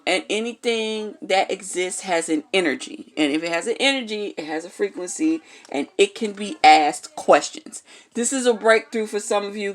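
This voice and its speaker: A woman reading tarot cards in a casual vlog, talking bluntly and frankly, swearing freely and checking in with her viewers as she goes. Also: on the low side. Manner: keeps checking in with "okay?". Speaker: tarot card reader.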